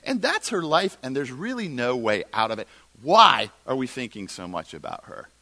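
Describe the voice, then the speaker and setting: Brief: middle-aged male pastor, lively sermon storyteller, very expressive melody, bright tone. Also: mid-range voice, normal speed. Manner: animated storytelling, acting out dialogue.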